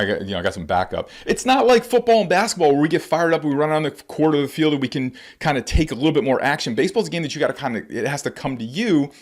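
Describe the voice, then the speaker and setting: A man giving a conversational instructional talk to parents as a baseball coach and educator, acting out quotes as he goes. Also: mid-range voice. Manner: animated, conversational, acts out quotes.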